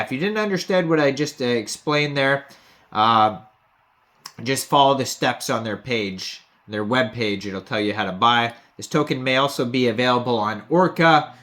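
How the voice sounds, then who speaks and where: Bright-voiced man hosting a crypto video. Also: mid-range voice, moderate pace. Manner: reads figures off web pages with frequent "uh" fillers. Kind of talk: casual screen walkthrough narration.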